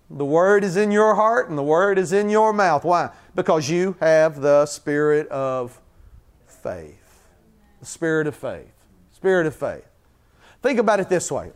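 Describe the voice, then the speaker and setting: A man with a high, light voice preaches to his congregation in a church. He talks like he's chatting with them and acts out everyday scenes, then builds into fervent, repeated calls. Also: expressive, unhurried. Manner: conversational preaching with acted-out scenes, rising to fervent repetition. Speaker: pastor. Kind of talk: sermon.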